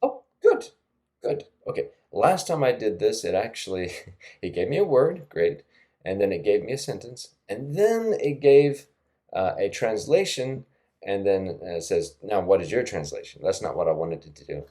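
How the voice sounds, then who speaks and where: A middle-aged man with a low, mellow voice walks through a screen-recorded language tutorial. He talks in a casual, chatty way, full of fillers and soft laughs, close to a desktop mic. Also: very animated, moderate pace. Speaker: language teacher.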